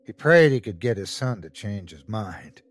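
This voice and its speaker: A man's voice: lowish voice, expressive, moderate pace. A man narrating a scripted horror story as the show's host, telling it expressively.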